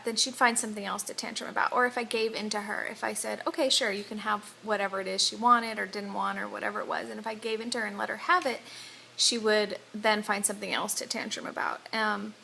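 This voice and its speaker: A young woman vlogging at home about her toddler, rambling gently with many ums and restarts. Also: medium pitch, creaky, slight background noise, low-quality recording. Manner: gentle, calm, reassuring. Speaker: parent vlogger. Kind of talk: casual talk to camera.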